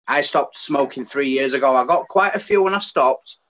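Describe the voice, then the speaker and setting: In dull, lo-fi sound, a man from the United Kingdom speaks with an English accent at medium pitch and a moderate pace. He's a guest in a casual chat, animated and ranting with feeling.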